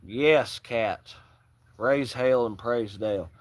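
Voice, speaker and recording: A man's voice: medium pitch, takes it slowly, dry recording. Profane, joking man hosting a livestream. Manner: loose, profane, joking, shouting out viewers by name. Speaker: livestream host. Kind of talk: casual livestream chat, reading out viewer comments.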